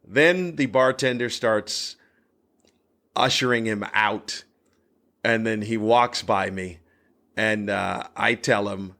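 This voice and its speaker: Animated male comedian telling a story. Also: slow, long pauses. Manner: animated, voice jumps high when reliving the story; crude and blunt. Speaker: stand-up comedian and podcast host. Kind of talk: solo podcast storytelling.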